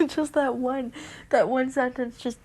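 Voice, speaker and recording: High-voiced woman reading fanfiction slowly. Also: steady tone, a little mellow. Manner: giggly asides, stumbling over words. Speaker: fanfiction reader. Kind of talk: reading fanfiction aloud with commentary.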